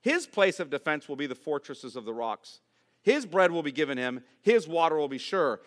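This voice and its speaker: A man preaching a sermon, with dramatic pauses and rising emphasis. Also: fairly high pitch, big pitch swings, long reverb tail. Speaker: pastor.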